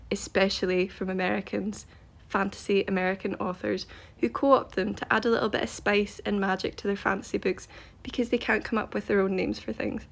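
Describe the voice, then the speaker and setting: A woman ranting on a short social media video with a voice full of vocal fry. She speaks bluntly and emphatically and sounds thoroughly exasperated. Her pitch sits in a middle range.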